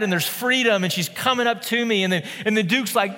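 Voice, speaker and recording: A man in his thirties preaching a sermon in a church, conversational and animated, with playful asides. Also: high-pitched, fast, few pauses, long reverb tail. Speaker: pastor.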